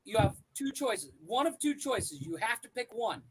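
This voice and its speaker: High-voiced halting man asking questions. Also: sing-song, a bit bright, breathy edge, rough recording. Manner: halting, stumbles over wording. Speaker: podcast co-host. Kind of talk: casual chat, posing questions.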